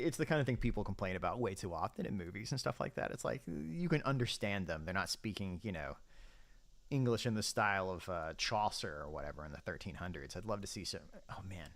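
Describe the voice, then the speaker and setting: A man's voice: sits low, very animated, fast talker. A man giving casual gameplay commentary as a streamer, chatty and thinking aloud while he sets up his army. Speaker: game streamer.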